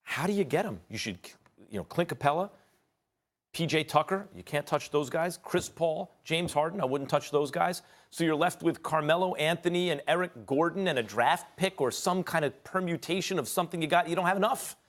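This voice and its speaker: A man's voice: on the high side, expressive, a little fast. A man debating basketball on a sports show, analytical and stammering as he works through his reasoning.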